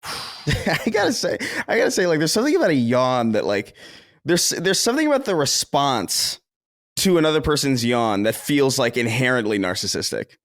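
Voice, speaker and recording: Male podcast co-host, lively swinging pitch, sardonic and profane, dry close mic. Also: normal speed, no room sound. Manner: animated, sardonic, swears freely. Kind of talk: casual chat.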